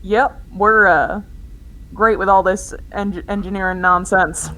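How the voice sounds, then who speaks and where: A woman's voice: mid-range voice, fairly even intonation, measured pace, bright, forceful tone, low-quality recording. A woman playing a tabletop game in casual chat, steering what the group does next. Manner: casual, leading the group's actions. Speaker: player.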